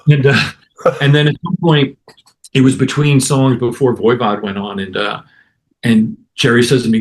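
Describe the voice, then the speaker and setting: Gravelly-voiced guy telling a story, keeps doing everybody's voices. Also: mid-range voice, brisk. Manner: animated anecdote with acted-out quotes. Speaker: guest musician. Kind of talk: casual storytelling.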